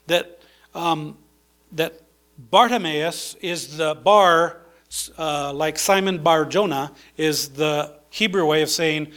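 High-voiced man preaching casually. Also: fairly bright tone. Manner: conversational, with many fillers and restarts. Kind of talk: sermon.

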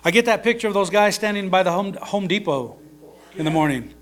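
A man with a notably high voice gives a relaxed, conversational sermon. He reads a passage, then unpacks it in plain everyday words, with fillers and little asides as he goes. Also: brisk. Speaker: preacher. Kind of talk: informal sermon.

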